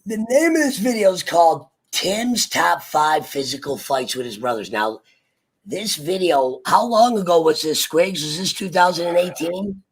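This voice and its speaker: A man chatting excitedly on a livestream, swearing and jumping between topics. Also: a little high, moderate pace, slightly rough. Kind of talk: casual livestream chat.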